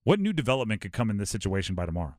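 A man from Hawaii hosting a sports talk show, animated and rhetorical, often acting out quotes. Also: on the low side, rapid-fire, no room sound, clean studio sound.

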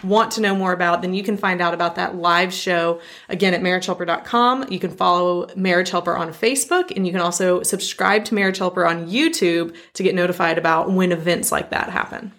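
A woman hosting a podcast interview, affirming her guest and wrapping up warmly with plugs. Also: fairly low pitch, steady tone, brisk, hardly any pauses. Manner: affirming, many soft back-channels. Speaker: podcast host. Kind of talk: interview chat.

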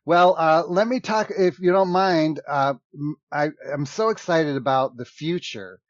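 A man who performs improv, chatting casually, animated and laughing often, restarting his sentences. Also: fairly high pitch, measured pace, no echo. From United States. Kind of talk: casual conversation. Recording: dull, dry lo-fi sound.

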